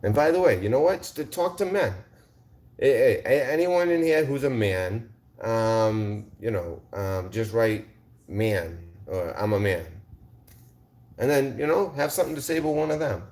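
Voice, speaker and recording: A man's voice: medium pitch, lively intonation, moderate pace, darkish tone. A man hosting a livestream, confrontationally ranting at viewers in the chat, repeating rhetorical questions and swearing. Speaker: livestream host. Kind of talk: heated livestream rant.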